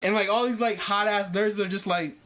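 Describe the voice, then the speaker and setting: A man hosting a podcast, telling a long personal story in casual chat, animated and profane, often repeating himself. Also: sits high, brisk. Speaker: podcast host.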